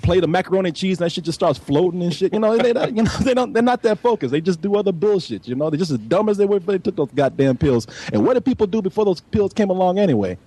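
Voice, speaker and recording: Fast-talking husky man. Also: high-pitched, expressive, dark tone, dry recording. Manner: rambling, profane, laughs a lot. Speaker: podcast co-host. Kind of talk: crude casual banter.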